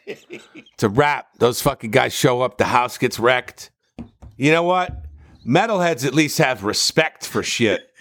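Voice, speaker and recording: A man from New Jersey telling stories in casual podcast chat, profane and animated. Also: mid-range voice, unhurried. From New Jersey, USA.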